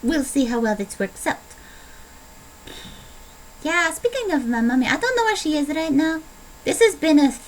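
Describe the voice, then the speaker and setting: A woman's voice: high-pitched, sing-song, normal speed, long pauses, rough recording. A young woman vlogging in a casual, rambling, playful way, poking fun at herself as she chats. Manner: playful, rambling, self-mocking.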